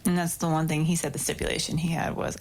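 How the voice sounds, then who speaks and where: A woman's voice: deep voice, little pitch movement, quick pace, a little mellow, slight background noise. A woman co-hosting a podcast, chiming in with teasing jokes in casual chat. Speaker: podcast co-host.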